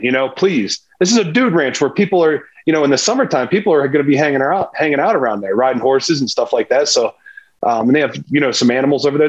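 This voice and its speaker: A man's voice: medium pitch, husky, muffled recording. A man, a former pro football player, telling a hunting story as a podcast guest, acting out the dialogue. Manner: animated, tells a hunting story with lively quoted dialogue. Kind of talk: casual storytelling interview.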